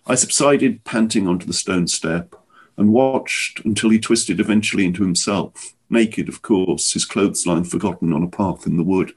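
A man reading his own short story aloud, in an expressive, measured storytelling manner. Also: low voice, slightly rough.

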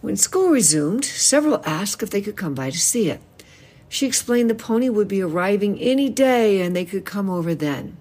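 A woman's voice: medium pitch, moderate pace. A woman in her seventies, a novelist, expressively reading a passage from her own book aloud. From United States. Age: 70s. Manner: expressive storytelling reading with voiced quotes.

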